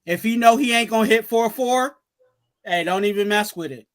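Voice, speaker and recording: A man's voice: high-pitched, normal speed. A man talking sports in casual chat, rambling, repeating himself and stumbling over his words.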